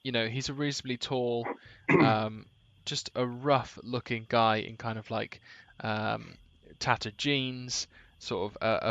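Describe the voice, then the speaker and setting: A man narrating as game master, hesitant and full of pauses and restarts. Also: on the low side, a bit bright, no echo. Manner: hesitant, many ums and restarts.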